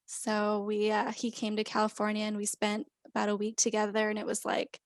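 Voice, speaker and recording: A woman's voice: mid-range voice, completely flat delivery, brisk, no room sound. A woman guesting on a podcast, telling stories in an easygoing, chatty way. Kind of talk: casual conversational storytelling.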